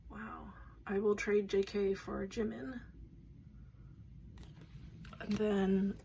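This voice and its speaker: A woman's voice: medium pitch, drawn-out words, vocal fry, long pauses, a little mellow, slight background noise, low-quality recording. A woman filming a casual unboxing vlog, gushing and rambling, emotional and shaky, often apologizing. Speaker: vlogger unboxing photocards. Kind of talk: casual excited unboxing talk.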